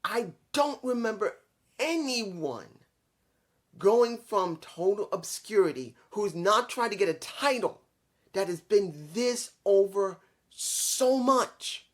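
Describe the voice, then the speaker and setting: A young man giving a casual, excitable wrestling review, swearing freely and acting out quotes as he recaps scenes. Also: high voice, slow pace.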